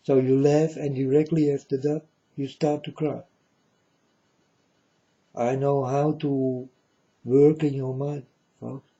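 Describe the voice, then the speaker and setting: A man's voice: medium pitch, flat delivery, slow pace, long pauses, dark tone, dull audio. A man giving a preachy monologue in broken, non-native English, emphatic and repetitive, often asking if the listener understands. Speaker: speaker addressing viewers.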